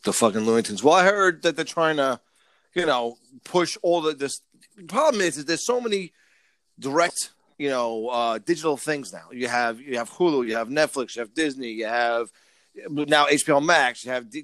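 A man's voice: fairly high pitch, animated, moderate pace, a bit bright, dry recording. A man in casual chat, ranting with lots of swearing and stammered restarts.

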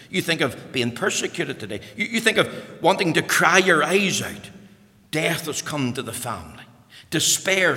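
A man preaches fervently to a congregation, his bright, forceful voice ringing through a reverberant church. He rises to loud exclamations, then drops to hushed asides. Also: on the high side. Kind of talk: sermon.

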